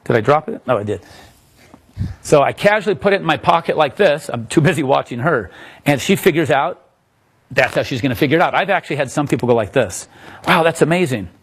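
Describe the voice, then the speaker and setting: A man's voice: on the high side, lively intonation, fast, husky. A middle-aged man, a magician, casually walking someone through a coin trick, chatty and self-interrupting.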